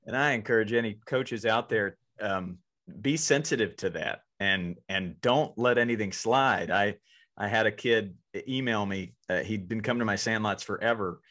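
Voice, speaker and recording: A man's voice: fairly low pitch, normal speed, a bit bright. A man hosting a podcast and coaching youth baseball, talking earnestly and often repeating words as he goes. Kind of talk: casual podcast conversation.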